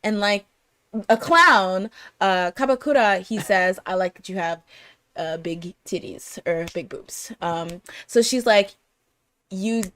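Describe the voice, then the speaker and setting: A woman chats casually as host, winding through a plot summary with plenty of fillers. Her voice sits in a middle pitch and sounds close and dry, with no room around it. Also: slow pace, a bit bright, no room sound. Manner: chatty, lots of fillers and laughter. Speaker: podcast host. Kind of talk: casual chat.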